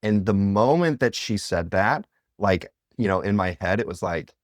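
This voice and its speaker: A man in his thirties, a podcast guest, telling personal stories in an animated, conversational way, full of "like" and "you know". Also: on the low side, normal speed, no echo, clean studio sound. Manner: animated, filler-heavy, with lots of "like" and "you know".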